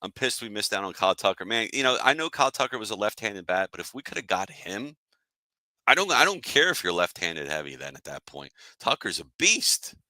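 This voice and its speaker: Male sports-show host, lowish voice, casual irritated rant, answers live chat. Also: very animated, a little fast, pushed and bright, no echo. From Philadelphia area. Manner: annoyed, fired-up, talks to chat viewers.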